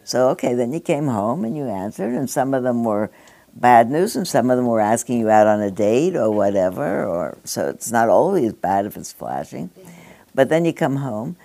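A woman's voice: a bass voice, very animated, normal speed, creaky, dark tone. An older woman giving a reflective spoken address to a gathering, rambling and digressive, with conversational asides.

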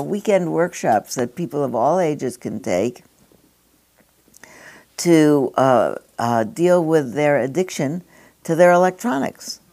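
An older woman with a strikingly deep voice speaks to a gathering. She muses and digresses, and often slips into chatty asides. The tone is reflective and unhurried. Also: a little mellow. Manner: rambling, digressive, with conversational asides. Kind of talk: reflective spoken address.

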